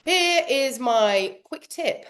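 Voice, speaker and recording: A woman's voice: high voice, expressive, takes it slowly, fairly bright tone. A woman running an online workshop, chatty and self-mocking, laughing often as she talks. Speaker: workshop trainer.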